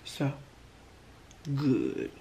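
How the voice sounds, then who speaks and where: A woman's voice: drawn-out words, warm tone. A woman hosting a mukbang eating vlog, murmuring "mmm" between bites and gushing over the food in a shy, casual way. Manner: self-described shy. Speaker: mukbang host.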